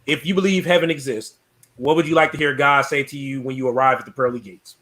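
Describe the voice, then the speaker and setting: A man's voice: medium pitch, steady tone, fast, fairly bright tone. A man, a military veteran, hosting a casual interview, hesitant and full of fillers.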